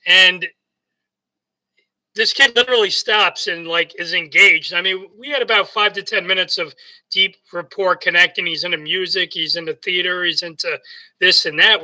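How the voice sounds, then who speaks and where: High-voiced bright New York man. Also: moderate pace, low-quality recording. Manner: rambling, repeats words and restarts often; acts out both sides of remembered conversations. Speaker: motivational speaker. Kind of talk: casual storytelling monologue.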